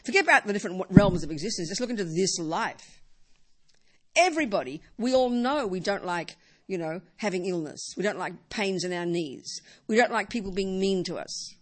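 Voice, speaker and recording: A woman's voice: mid-range voice, moderate pace. Woman giving a dharma talk in a hall, jokey, repeats stuff for emphasis. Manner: lively, joking, repeats words for emphasis. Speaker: Buddhist teacher. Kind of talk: Buddhist dharma talk to a live audience. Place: teaching hall with audience.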